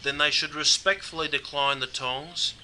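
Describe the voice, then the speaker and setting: A man's voice: a little high, fairly even intonation, moderate pace, sharp tone, a little hiss or hum. A man with an Australian accent, presenting a scripted comedic explainer in a dry, matey way. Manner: dry, matey, says mate constantly.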